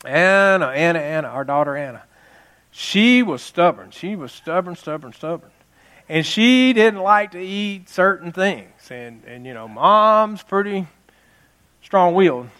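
A man's voice: high voice, lively intonation, a little slow, bright, forceful tone, smooth. A man in his fifties preaching a jokey Mother's Day sermon, telling family stories and laughing at them. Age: 50s.

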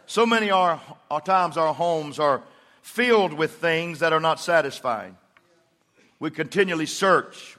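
A man's voice: on the high side, sharp tone, long reverb tail. A middle-aged man preaching a sermon as pastor, telling folksy stories and acting out quotes from his congregation. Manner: folksy storytelling with acted-out quotes. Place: church.

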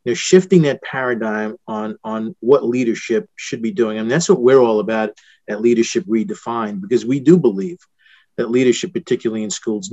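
Halting middle-aged male host, dry lo-fi. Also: mid-range voice, dark tone, no room sound. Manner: earnest, searching, halting phrasing. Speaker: podcast host. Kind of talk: interview questions. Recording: dull, dry lo-fi sound.

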